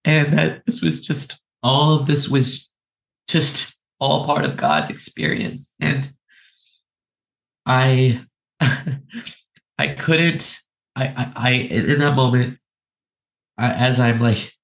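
A podcast guest, a man, telling a personal story in an emotional, halting way, often repeating words and laughing between phrases. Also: medium pitch, expressive, fairly bright tone, rough recording.

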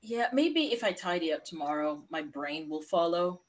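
Low-voiced woman co-hosting a chatty podcast. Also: expressive, normal speed. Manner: chatty, self-mocking, with frequent restarts and laughs. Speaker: podcast co-host. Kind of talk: casual chat. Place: home office with a whiteboard.

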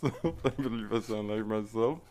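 Guy putting on a stiff prim young football player voice, super polite, wordy, kinda low. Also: brisk, a little mellow, natural voice. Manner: formal, overly polite, wordy. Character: stiff formal young male football center, odd prim voice. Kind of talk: comedy sketch acting.

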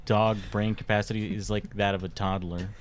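A young man co-hosting a casual podcast, refusing gross ideas with exasperated flat answers. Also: on the low side, fairly quick, slight background noise. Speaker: podcast co-host. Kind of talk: casual chat.

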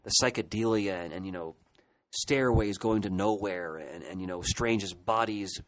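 Middle-aged male co-host, slightly low voice, discursive nostalgic chat. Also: normal speed, no echo, low-quality recording. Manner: nostalgic, rambling reminiscence. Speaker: podcast co-host. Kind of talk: casual chat.

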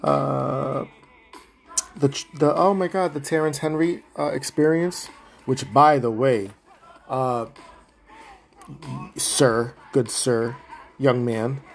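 A man's voice: mid-range voice, fairly even intonation, takes it slowly, vocal fry, pauses often, slight background noise. Emotional Puerto Rican man hosting a podcast. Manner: emotional, rambling, heartfelt shout-outs. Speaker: podcast host. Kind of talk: casual podcast monologue.

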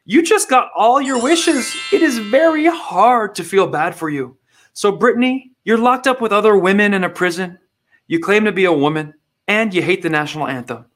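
A man's voice: sits high, expressive, moderate pace, fairly bright tone, a little hiss or hum. A man hosting satirical political commentary in a mocking, sarcastic way. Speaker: comedy host.

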